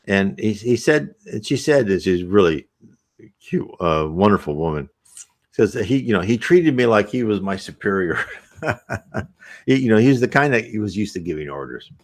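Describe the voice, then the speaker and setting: Animated low-voiced man reading aloud. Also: normal speed. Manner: rambling, animated, many restarts. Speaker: reader and commentator. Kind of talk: reading aloud with casual commentary.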